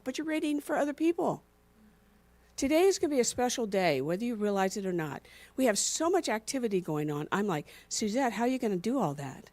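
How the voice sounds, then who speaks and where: A woman speaking to a congregation, playfully calling on people to say what they love and responding to their answers. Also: mid-range voice. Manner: lively, playful, questions the congregation directly. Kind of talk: interactive sermon.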